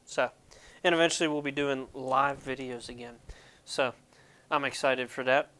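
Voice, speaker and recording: With a mid-range, sharp-toned voice at normal speed and a steady tone, this ministry video host talks to viewers from Pennsylvania. His casual devotional is jokey and rambling, full of self-deprecation.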